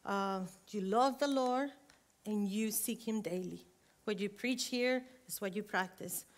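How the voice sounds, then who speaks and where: A woman's voice: medium pitch, unhurried. Middle-aged woman w/ a preaching in church, gets fired up, emotional. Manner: warm, emotional, rising to fervent exhortation. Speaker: guest preacher. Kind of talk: sermon. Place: church sanctuary. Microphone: earring interfering with mic, handheld or headset.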